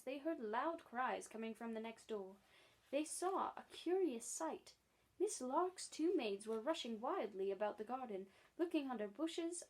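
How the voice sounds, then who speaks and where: A librarian reading a children's storybook aloud, stumbling and restarting now and then, lightly voicing the characters. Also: female voice, high-pitched, a little mellow, rough recording. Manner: reads with frequent slips and restarts, voices characters lightly.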